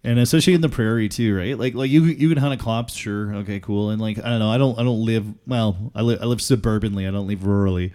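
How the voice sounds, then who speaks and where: A man's voice: lowish voice, fairly even intonation, quick pace, few pauses, warm tone. A man hosting a casual podcast chat, laid-back and crude, swearing freely.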